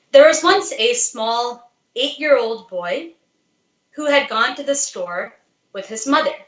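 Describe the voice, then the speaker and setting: A woman's voice: a little high, pushed and bright, echoey room, rough recording. Earnest woman giving a devotional talk. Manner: earnest, exhorting, rhetorical questions. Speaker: devotional speaker.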